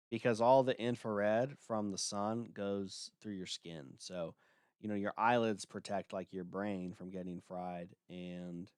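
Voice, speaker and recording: A man's voice: low voice, a little mellow, clear, resonant tone, no echo, studio quality. A man hosting a livestream, talking casually in a blunt, dismissive way with lots of filler words. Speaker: livestream host.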